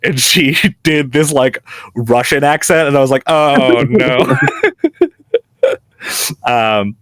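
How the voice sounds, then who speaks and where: A man's voice: medium pitch, slow, fairly bright tone, clean tone, no room sound, clean studio sound. A man and game master, chatting as a guest in an interview, easygoing and chuckling at himself. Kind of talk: casual interview.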